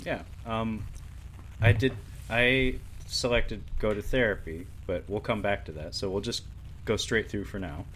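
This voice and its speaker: A man co-hosts a laid-back movie review podcast, chatting freely and dropping sarcastic asides. His voice sits on the low side, and a faint background hiss runs under it. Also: unhurried, fairly bright tone. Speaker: podcast co-host. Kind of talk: casual film review chat.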